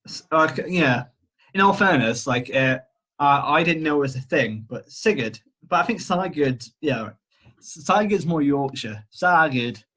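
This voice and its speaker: A husky man retells an old legend on a video-call podcast, with a voice pitched a touch high. He rambles, hesitates and jokes at his own expense as he goes. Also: lively intonation, normal speed, fairly bright tone. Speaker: podcast co-host retelling a myth. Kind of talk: casual storytelling chat. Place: home, remote call.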